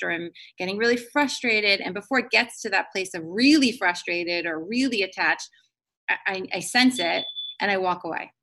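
Earnest woman podcast host, bright crisp voice, reflective motivational talk. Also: medium pitch. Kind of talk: casual conversational podcast.

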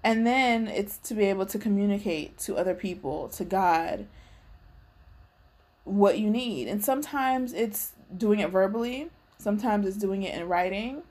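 A working-age adult woman hosts a faith podcast, her mid-range voice a little mellow at a normal pace. She talks casually and reflectively about her needs, acting out her prayers aloud as she goes.

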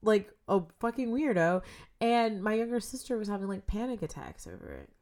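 A young woman, a podcast guest, telling a creepy story in casual chat, swearing freely and swinging from loud bursts to hushed whispers. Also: mid-range voice, big pitch swings, a little fast.

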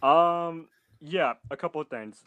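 A man's voice: fairly high pitch, measured pace, dry recording, narrow, tinny audio. A man chatting as a guest on a podcast, hesitant with many restarts and fillers, speaking bluntly and earnestly. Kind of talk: casual chat.

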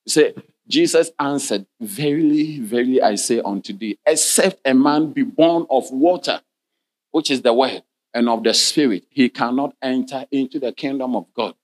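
A man's voice: mid-range voice, moderate pace. A man preaching a sermon as pastor of a church. He reads scripture in old King James wording and often breaks in with "Hallelujah" and questions to the congregation.

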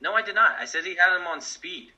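A man with a very sharp, tense voice argues his points on a casual sports podcast. The recording is slightly dull and lo-fi. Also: high-pitched, fast. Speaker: podcast co-host.

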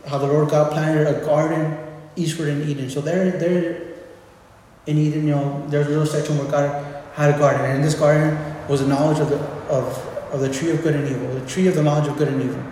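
A man's voice: on the high side, little pitch movement, brisk, dark tone, slight background noise. Man, preacher, informal sermon, conversational, repeats words, big echoey hall, long reverb. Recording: echoey hall with faint ambience.

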